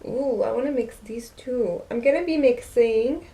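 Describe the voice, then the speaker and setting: A young woman narrating a makeup tutorial, gushing and easily excited as she talks to her viewers. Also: fairly high pitch, normal speed. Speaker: beauty vlogger.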